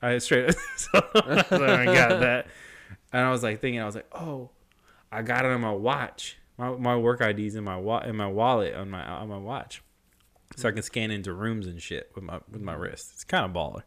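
A young man telling a story in casual chat, slangy, swearing a lot and animated. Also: fairly low pitch, a little fast.

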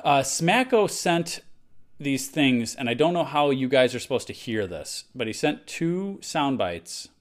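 A man's voice: mid-range voice, big pitch swings, unhurried. A man hosting a casual podcast chat. He talks in an easygoing way and rambles with false starts. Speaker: podcast host.

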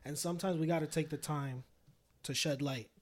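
A man's voice: fairly high pitch, steady tone, a little fast. A young adult man co-hosting a podcast, talking in an earnest, laid-back way full of slang. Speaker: podcast co-host. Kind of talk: casual podcast chat.

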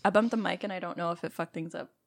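A woman's voice: on the low side, gravelly. A young adult woman co-hosting a casual podcast, joking around but explaining things carefully. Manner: playful, quick to laugh, careful explainer. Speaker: podcast co-host. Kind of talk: casual chat.

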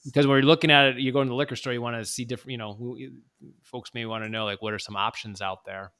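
A man's voice: medium pitch, steady tone, fast talker, pushed and bright, clean tone. A man co-hosting a casual podcast chat, rambling and correcting himself as he talks. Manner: rambling, self-correcting, jokey. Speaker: podcast co-host.

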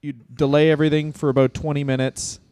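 A man's voice: fairly high pitch, level tone, fast, darkish tone, no room sound. A man co-hosting a wrestling history podcast, talking in a rambling, joking way. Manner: rambling, joking, slips into silly accents. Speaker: podcast co-host. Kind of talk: casual comedic chat.

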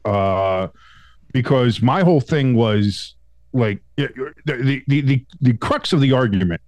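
A man co-hosting a casual sports podcast, talking in a rambling, animated way with restarts and swearing, still getting over a cold. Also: medium pitch, a little slow, no room sound. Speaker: podcast co-host.

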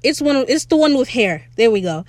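A young woman hosting a casual solo podcast, chatty and excitable as she recaps a show. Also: high voice, brisk, dry recording. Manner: chatty, excitable, quotes characters in playful voices. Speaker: podcast host.

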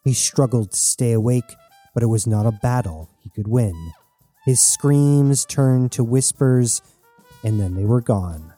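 Dark-voiced male audiobook narrator. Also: mid-range voice, faint music behind. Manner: steady, measured storytelling.

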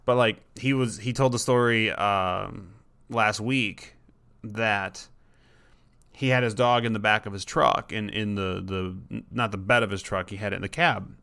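A man's voice: lowish voice, steady tone, unhurried, creaky, sharp tone, clear, resonant tone. A man hosting a podcast, talking casually and rambling, often repeating words and voicing his dog in short asides. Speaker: podcast host.

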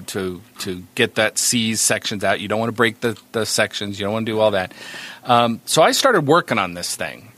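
A man from New Hampshire, a podcast co-host, telling a story in a casual, animated and self-mocking way. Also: on the low side.

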